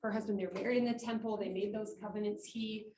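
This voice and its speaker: A woman giving an inspirational talk at a conference, animated and acting out quotes, in a meeting room with about twenty people. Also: mid-range voice, quick pace. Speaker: conference speaker. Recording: echoey room, mic far off, faint noise.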